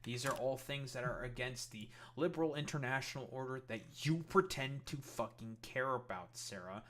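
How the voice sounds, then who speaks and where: A man hosting his own stream, talking in a heated, profane rant. His pitch sits in an ordinary middle range. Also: moderate pace, a bit bright, slight background noise. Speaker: streamer host. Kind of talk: casual political commentary stream.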